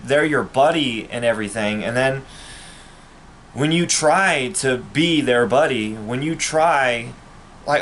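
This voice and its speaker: A man's voice: medium pitch, slow, fairly bright tone, a little hiss or hum. A man, a vlogger, ranting to camera in a bitter, angry and profane way. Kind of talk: personal rant to camera.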